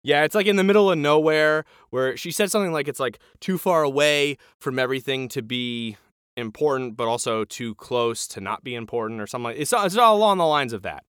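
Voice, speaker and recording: A man's voice: mid-range voice, a little fast, smooth, no room sound, studio quality. A man co-hosting a podcast, retelling a TV episode in casual chat and acting out the lines as he goes. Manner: animated retelling with acted-out quotes. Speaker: podcast co-host.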